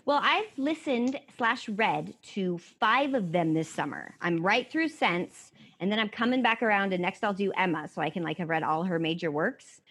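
A woman's voice: medium pitch, expressive, normal speed, hardly any pauses, fairly bright tone, slightly rough. A woman from Colorado co-hosting a casual book podcast, chatty and self-mocking, swearing freely. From Colorado, USA. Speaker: podcast co-host. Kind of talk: casual book-club chat.

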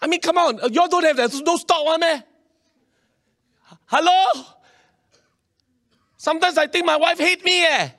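High-voiced pastor preaching. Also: male voice, a little slow, long pauses. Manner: animated, acts out quoted voices, swings between loud and quiet. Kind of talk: sermon.

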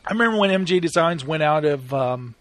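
A man's voice: fairly high pitch, brisk, no room sound. A man telling stories in a casual chat, laughing often as he goes. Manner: laughs often, animated retelling.

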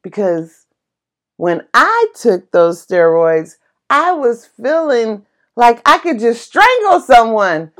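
A woman casually telling a personal story in an excitable, passionate way, laughing as she talks. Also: a little high, takes it slowly. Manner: animated, excitable, laughs while talking; passionate and chatty.

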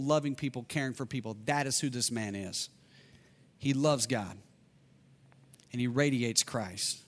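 A man preaching a sermon as pastor, earnest and conversational, repeating key lines for emphasis and moving between loud declarations and hushed passages. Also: medium pitch.

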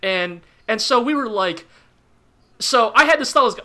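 A man's voice: very high-pitched, expressive, moderate pace, pushed and bright. A man from California co-hosting a casual podcast chat, chatty, laughing often and swearing casually. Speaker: podcast co-host.

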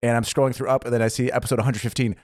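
A man's voice: mid-range voice, flat delivery, rapid-fire, darkish tone, dry recording, clean studio sound. A man co-hosting a podcast in casual chat, laughing often and talking with lots of fillers and restarts. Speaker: podcast co-host.

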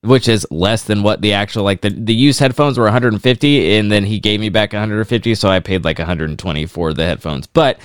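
A man with a smooth, resonant voice, co-hosting a podcast and spinning a rambling story in casual chat. He peppers his talk with filler words and curses freely. The recording is dry and close. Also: fairly low pitch, fast talker, hardly any pauses, dry recording. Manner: rambling storyteller, swears often, lots of "like". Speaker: podcast co-host.

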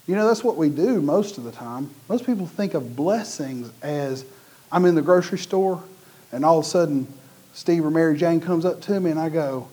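A man's voice: on the high side, moderate pace. A middle-aged man from the United States preaching a sermon in a conversational way, acting out the voices of the people in his stories. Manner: animated, acts out quoted voices. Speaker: pastor.

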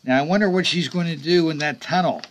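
A man's voice: a little high, fast talker. Sarcastic middle-aged talk radio man. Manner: sarcastic, emphatic, mocking asides. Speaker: radio talk show host. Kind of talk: political talk radio commentary.

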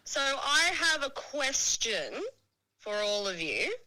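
A woman's voice: high-pitched, very animated, takes it slowly, pushed and bright, no echo, rough recording. A woman calling in to a podcast as a listener, playful and teasing. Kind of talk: casual call-in chat.

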